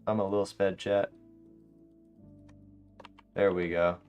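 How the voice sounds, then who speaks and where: A young man streaming a game late at night, chatting casually to his viewers and telling animated, slangy stories. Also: sits low, takes it slowly, soft background music. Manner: animated storytelling, slangy, laughs often. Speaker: live streamer. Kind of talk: casual livestream chat while gaming.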